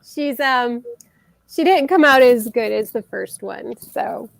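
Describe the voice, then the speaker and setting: A woman's voice: on the high side, animated, takes it slowly, gravelly, dry recording. Chatty woman co-hosting a crochet stream. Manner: chatty, laughs often, reads viewer comments. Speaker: co-host of a crochet live show. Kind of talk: casual chat.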